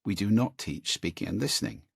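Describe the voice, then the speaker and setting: A man being interviewed about voice and listening, talking in an animated, demonstrative way and trying out vocal examples as he explains. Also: fairly low pitch, fairly quick, no room sound, studio quality. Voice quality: gravelly, husky. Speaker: guest, speaker on voice and listening.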